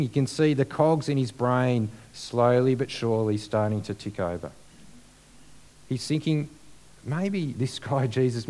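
A man's voice: mid-range voice, a little mellow. A man preaching a sermon in a conversational way, with many fillers and rhetorical questions.

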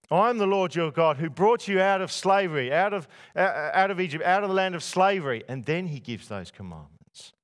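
A man with a fairly high voice preaches a sermon in a church. He speaks to a congregation and keeps asking them rhetorical questions. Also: fairly bright tone. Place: church before a masked congregation.

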